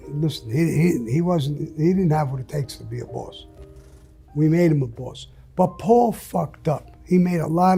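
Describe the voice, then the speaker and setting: A man's voice: a little high, warm tone, breathy edge. An older man telling stories as an interview guest, blunt and profane, acting out what people said. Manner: blunt and profane, acts out quotes. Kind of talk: storytelling in conversation.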